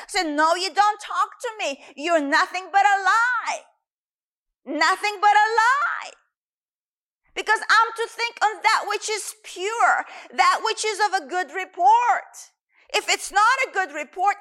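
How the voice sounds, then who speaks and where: A woman's voice: extremely high pitch, pushed and bright. A woman preaching a sermon in an earnest, emphatic way.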